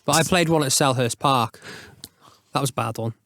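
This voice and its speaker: A man hosting a podcast in a studio, telling football stories in an animated, swearing manner with laughs. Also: mid-range voice, moderate pace, no room sound. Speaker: podcast host. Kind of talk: casual storytelling chat.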